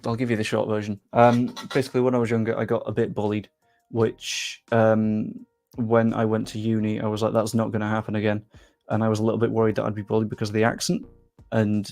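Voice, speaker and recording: A young man from England with a faint Yorkshire accent, casually chatting on a live stream and reading out viewer comments in a self-deprecating way. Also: fairly low pitch.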